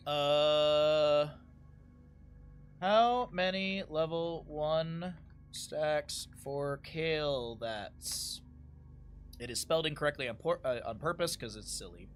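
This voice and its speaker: A man's voice: on the high side, slow pace, smooth, faint music behind. A man casting a game live on stream, casual, upbeat and jokey as he chats with his viewers. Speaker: esports caster and streamer.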